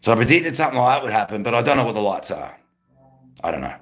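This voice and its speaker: A man's voice: medium pitch, sing-song, racing. A man, rambling casually to his live-stream chat and greeting viewers by name.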